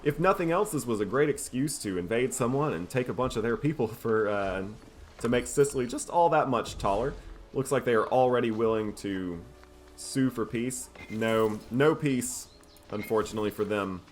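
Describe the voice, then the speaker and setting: A man casually commentating his own strategy game playthrough in a relaxed, wry, self-mocking way. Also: mid-range voice, normal speed, slight background noise. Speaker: gameplay commentator. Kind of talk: casual let's-play commentary.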